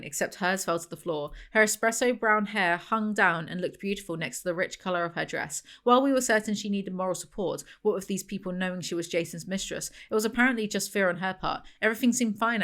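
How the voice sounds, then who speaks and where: A woman's voice: mid-range voice, a bit bright. A young woman reading passages from a novel aloud and mocking them with wry, sarcastic commentary as a book reviewer.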